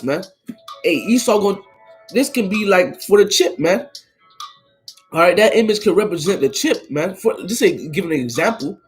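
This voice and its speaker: A man teaches from scripture in a loose, street-casual manner, checking in with "all right?" as he goes. His voice sits a little high, and he trips and restarts on some words. Soft music plays faintly underneath. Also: rough recording. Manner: stumbles over words and restarts. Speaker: Bible teacher. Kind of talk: informal scripture reading and commentary.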